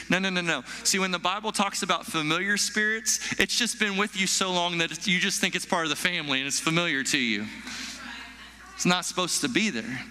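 A male pastor preaching a sermon to his church, animated, acting out frightened people with stammers and sighs. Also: sits high, fairly quick. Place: church hall. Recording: long echo of a large hall.

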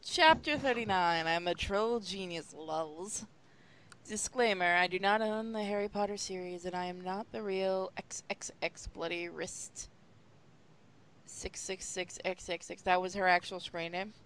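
A woman's voice: lowish voice, steady tone, measured pace, a bit bright, smooth. A woman reading fan fiction aloud for laughs, in a dry, sarcastic manner. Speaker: reader. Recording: typing and clicks behind.

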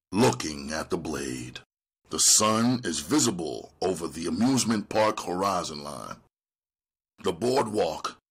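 Man, screenplay reading, low husky voice, slow, animated pitch. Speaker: reader.

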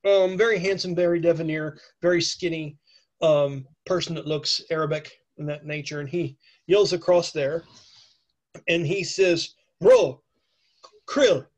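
A man's voice: on the high side, steady tone, moderate pace, highs cut off. A man with a cold narrating a tabletop game as game master in a chatty way. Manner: chatty, with many fillers and okays. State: has a cold.

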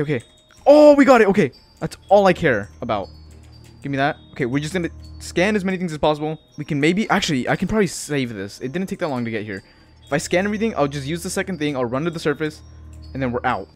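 A man's voice: on the high side, animated, quick pace, faint music behind. A man giving jittery let's-play commentary, swearing often and calling everyone dude and bro. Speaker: gaming channel host.

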